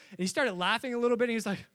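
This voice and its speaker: A young pastor tells stories from the pulpit in a lively, joking way, often acting out the voices of the people in them. His voice sits high for a man. The sound is dry and close, with no room echo. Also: very fast, smooth. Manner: lively storytelling with jokes and acted-out voices. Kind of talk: sermon.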